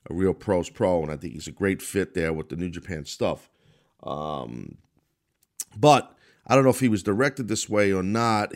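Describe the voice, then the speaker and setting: Middle-aged new york guy riffing on a podcast, lowish voice, blunt and rambling. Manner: blunt, rambling, self-correcting. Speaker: podcast host and former wrestling announcer. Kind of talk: casual commentary monologue.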